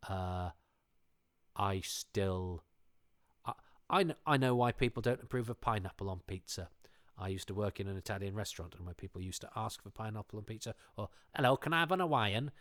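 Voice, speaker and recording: A man's voice: lowish voice, fairly quick, fairly bright tone, no echo, clean studio sound. A man chatting casually, enthusiastic and digressive with a self-deprecating streak. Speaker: show panelist. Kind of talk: casual chat.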